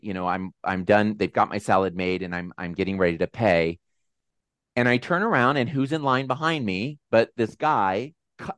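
A man hosting a video call with supporters, telling a personal story in a casual, animated, self-deprecating way. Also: on the low side, no echo, clean studio sound. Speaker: host. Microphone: video call mic.

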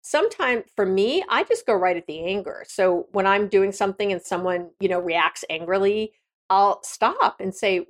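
A woman's voice: mid-range voice, expressive, moderate pace. Frank, direct woman podcast host. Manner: frank, direct, conversational with frequent restarts. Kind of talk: casual advice monologue.

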